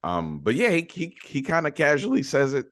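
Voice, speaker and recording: A man's voice: a little high, huge pitch swings, normal speed, fairly bright tone, no room sound, studio quality. A man co-hosting a movie review podcast, chatty and opinionated in casual conversation. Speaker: podcast co-host.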